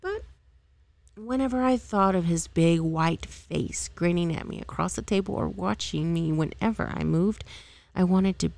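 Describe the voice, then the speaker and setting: A woman's voice: fairly low pitch, measured pace, vocal fry, darkish tone, no room sound. A woman reading a novel aloud as an amateur, unpolished, with occasional slips and re-reads. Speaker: amateur reader.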